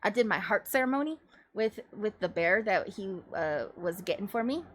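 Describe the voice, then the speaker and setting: A young woman hosts a casual livestream chat. She rambles from one thought to the next in an animated way and laughs often. Her voice sits at a middle pitch. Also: normal speed. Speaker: livestream host.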